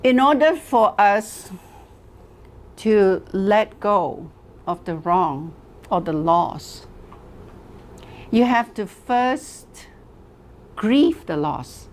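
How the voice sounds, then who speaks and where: A woman teaching a class, telling stories slowly and deliberately, asking rhetorical questions and repeating phrases for emphasis. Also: mid-range voice, lively intonation. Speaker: wellness teacher. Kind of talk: lecture to a class.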